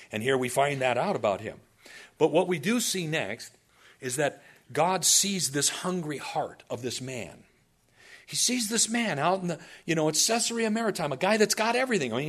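A male pastor preaching a sermon, telling stories animatedly with asides to the congregation. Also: a little high.

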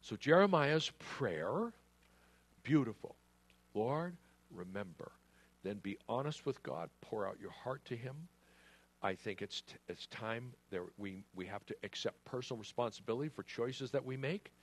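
A man's voice: medium pitch, lively intonation, normal speed. A man preaching a sermon, earnest and emphatic, acting out prayers and quotations.

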